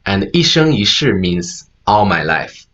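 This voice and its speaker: A man whose first language is Mandarin Chinese gives a talk at a conference, explaining slowly with many fillers and mixing in Mandarin words. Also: on the low side, big pitch swings, fairly bright tone, highs cut off. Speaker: conference speaker. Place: conference room.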